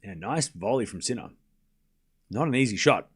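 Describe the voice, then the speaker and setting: A man hosting a live tennis watchalong stream, giving rapid play-by-play calls and joking sarcastically with his chat. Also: mid-range voice, animated, husky. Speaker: stream host and commentator.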